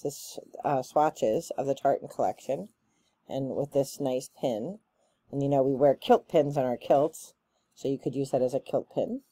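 Low-voiced woman gushing over an unboxing. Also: normal speed, dry recording. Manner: gushing, excitable, lots of ums and likes. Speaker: unboxing vlogger. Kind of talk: casual unboxing chat.

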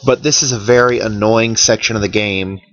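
A man's voice: on the low side, fairly even intonation, a little fast, a bit bright, no room sound, lo-fi sound. Tired, wry man doing game commentary. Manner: chatty, wry, tired and yawning. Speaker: let's play commentator.

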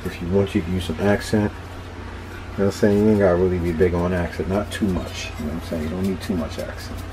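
A man's voice: sits low, steady tone, brisk, background noise. A man with a Philadelphia accent, talking casually and repeating himself as he cooks on his own video. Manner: laid-back, chatty, repeats himself. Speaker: cooking vlogger. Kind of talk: casual cooking vlog.

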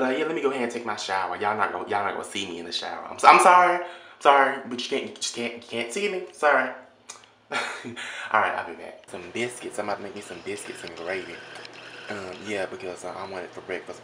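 A man's voice: low voice, background noise. A young man, chatting casually to a handheld camera at home, rambling with lots of ums and restarts. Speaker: vlogger. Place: at home, in his kitchen. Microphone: handheld phone or camera at arm's length.

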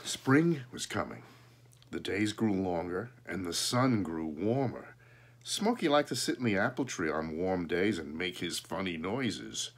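A man reading a children's story aloud, adding relaxed, chatty asides. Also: sits low, a little slow. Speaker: storybook reader.

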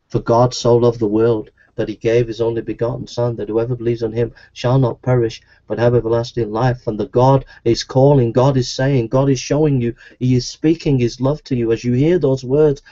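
A man's voice: creaky, mellow. Pleading preacher man, lo-fi sound. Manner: pleading, repetitive, with sudden rises into a high voice. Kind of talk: evangelistic sermon. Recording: dull lo-fi recording.

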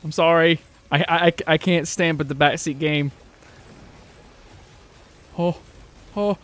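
Loud, bright-voiced young man gaming. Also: on the high side, little pitch movement, moderate pace. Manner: loud, laughing, yelling at teammates. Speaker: streamer playing with friends. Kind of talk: excited gaming chat.

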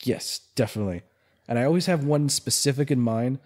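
A young man from California talks loosely on a podcast, wandering through anecdotes and breaking into laughter as he goes. His voice sits at an ordinary middle pitch, relaxed and conversational. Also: fairly quick. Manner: chatty, laughs often, rambling storyteller. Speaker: podcast co-host. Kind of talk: casual chat.

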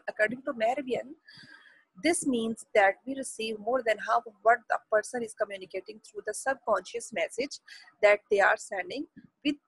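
A woman with an Indian accent teaching a lecture-style lesson, speaking haltingly with restarts and switching between English and Hindi. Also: a little high, a bit bright, husky, no echo, low-quality recording. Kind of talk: classroom lecture.

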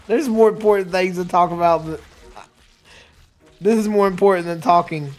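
A man's voice: sits high, fairly even intonation, normal speed. A man giving casual let's play commentary, rambling and chatty, often laughing and tripping over his words. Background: faint game music.

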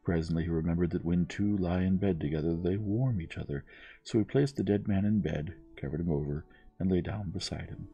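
A man reading a bedtime story aloud in a calm, measured, gentle narration. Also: sits low, breathy edge, lo-fi sound, faint music behind.

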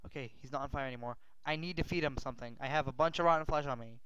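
A male gaming host giving rambling gameplay commentary, often yelling and swearing in panic. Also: medium pitch, very fast, hardly any pauses, clear, resonant tone, dry recording. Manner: rambling, excitable, yells and swears when panicked. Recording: dull lo-fi mic.

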